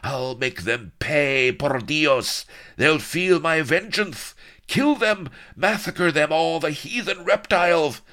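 A man's voice: on the low side, animated, unhurried, vocal fry, voice pushed up. A man voicing a huge, armored, paranoid viceroy villain who blares orders and turns oily and lisping, with a flavor. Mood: furious. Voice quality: blaring, then lisping and oily.

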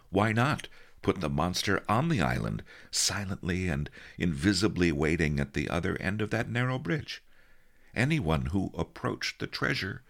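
A man narrating a story in a measured, storytelling way. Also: extremely low pitch, vocal fry, fairly bright tone. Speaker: audiobook narrator. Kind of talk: scripted narration.

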